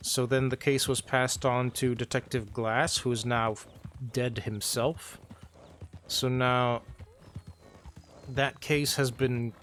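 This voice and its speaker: A man talks casually to his stream chat, recapping what has happened at a slow pace. He pauses often with ums, and his pitch sits in an ordinary middle range. Soft music plays faintly behind him. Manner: unhurried recap, hesitant with frequent ums.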